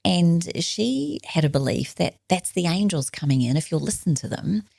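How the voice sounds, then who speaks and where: A middle-aged woman, a podcast guest, telling personal stories earnestly and reflectively, sometimes dropping to a soft whisper. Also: fairly low pitch, very animated, moderate pace, vocal fry, no room sound, clean studio sound. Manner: earnest, drops to a soft whisper when quoting others. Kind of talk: reflective storytelling conversation.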